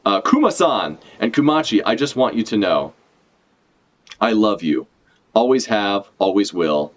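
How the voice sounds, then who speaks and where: A man's voice: fairly low pitch, lively intonation, measured pace. A man voicing a tender dying young woman. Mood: loving. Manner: soft, affectionate, read aloud from a comic.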